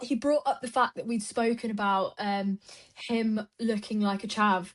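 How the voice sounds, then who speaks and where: A young woman co-hosting a podcast, chatting casually and excitedly, often laughing and acting out what others said. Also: fairly high pitch, normal speed. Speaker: podcast co-host. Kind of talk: casual chat.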